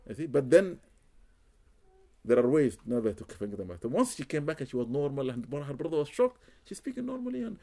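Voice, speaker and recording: A man's voice: fairly high pitch, very animated, brisk, warm tone. A man, a Muslim spiritual healer, telling a story in an interview, with Arabic religious phrases and repeated words for emphasis.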